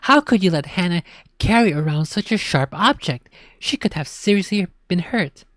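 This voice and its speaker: A stern, harried mother from a spooky children's book, scolding her son in a low voice and close, dry sound, as a woman narrator reads her lines. She turns tearful when the bad news comes. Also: lively intonation, moderate pace, no room sound, natural voice. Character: upset, stern mother of a young boy.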